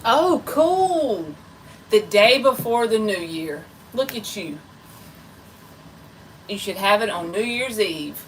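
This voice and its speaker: A woman's voice: mid-range voice, very animated, slow pace, pauses often, recorded from a distance, a little hiss or hum, rough recording. A woman tarot reader chatting casually and rambling on a live stream, talking straight to her viewers. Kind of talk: casual livestream chat.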